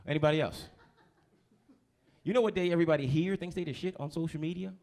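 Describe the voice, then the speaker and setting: A man in his thirties from New Jersey, doing a stand-up set on a club stage through a handheld mic. His voice sits a bit high for a man, and he talks brashly, swears freely, and keeps working the crowd with questions. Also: fast, creaky, long pauses, darkish tone. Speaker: stand-up comedian.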